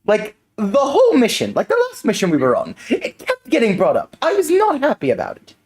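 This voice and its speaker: A man's voice: extremely high pitch, huge pitch swings, fairly quick. A man playing a tabletop game, sighing and complaining with mock exasperation and some swearing. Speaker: player. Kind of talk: casual role-play chat.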